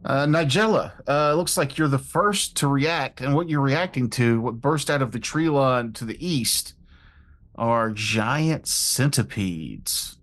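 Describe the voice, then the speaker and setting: A man running an online tabletop game as game master, talking casually and halting with fillers. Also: medium pitch, lively intonation, fairly bright tone.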